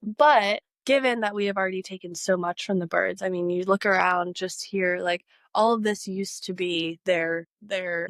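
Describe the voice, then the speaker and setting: A woman's voice: mid-range voice, normal speed, few pauses, dry recording. A woman hosting a birding show, chatting casually and playfully with a guest outdoors in a city park. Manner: playful, jokey, slips into put-on voices. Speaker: birding host.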